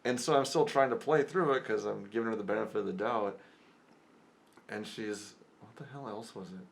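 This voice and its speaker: A young man tells a personal story in a loose, rambling vlog monologue. His voice sits low and has a gravelly, fried edge. He chuckles and breaks off mid-sentence as he goes, and there is faint noise behind him. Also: normal speed. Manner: rambling, chuckling, self-interrupting. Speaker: vlogger.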